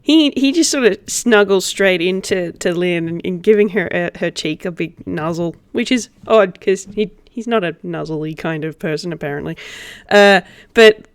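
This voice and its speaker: A woman narrating as game master of a tabletop role-play game, in slow, gentle narration. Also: on the low side, smooth, no room sound.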